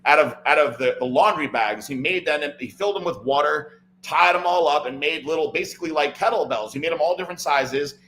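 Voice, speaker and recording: A man's voice: on the high side, a little fast, pushed and bright, a little hiss or hum, poor audio. A man, a podcast guest, telling a long personal story in casual chat, often tagging "right?" and "like". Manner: rambling, fills talk with "like" and "right?".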